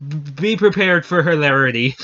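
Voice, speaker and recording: A man's voice: a little high, expressive, moderate pace, sharp tone. A man telling viewers a funny story in a casual chat, often breaking into laughter and repeating himself. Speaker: channel host. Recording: dull lo-fi recording.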